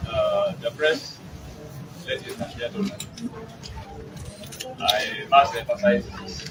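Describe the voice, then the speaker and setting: A man's voice: mid-range voice, very animated, takes it slowly. A man with a Ugandan English accent, a party regional chairperson, speaking emphatically at a press briefing. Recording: noisy room from far off.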